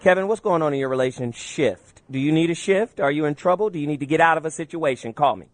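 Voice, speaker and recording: Lively male call-in radio host. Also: a little high, quick pace, a little hiss or hum. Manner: animated, playful, laughs often. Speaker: radio talk show host. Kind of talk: casual call-in radio talk.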